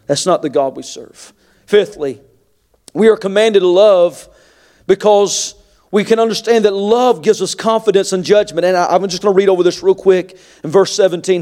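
A man with a high, light voice preaching a sermon to a congregation. He talks plainly and confidingly at times, then builds into loud, rising preaching that hammers each phrase. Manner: swings from quiet asides to shouted preaching. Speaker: pastor.

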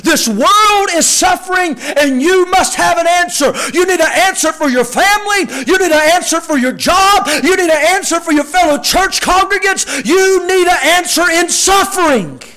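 A man with a strikingly high voice preaches a sermon to his congregation. He acts out the lines of the people he quotes and raises his voice to a shout on key points. The delivery is animated throughout. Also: normal speed, hardly any pauses. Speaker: pastor.

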